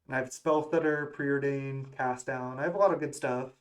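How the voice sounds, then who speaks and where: Gaming creator, male, mid pitch, casual running commentary on his own play. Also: fairly even intonation, moderate pace. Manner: musing, self-questioning strategy talk. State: has the hiccups. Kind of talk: thinking aloud during card game play.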